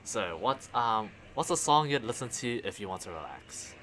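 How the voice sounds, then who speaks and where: A man hosting a podcast, teasing his guest in slangy casual chat and filling in with quick backchannels. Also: fairly low pitch, sing-song, a bit bright, a little hiss or hum. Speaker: podcast host.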